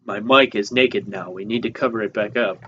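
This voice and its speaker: A man's voice: lowish voice, fairly quick, dull audio, background noise. Joking man on a close podcast mic. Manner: joking, laughs often, animated bursts. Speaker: podcast co-host. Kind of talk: casual chat. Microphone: close mic on a tripod.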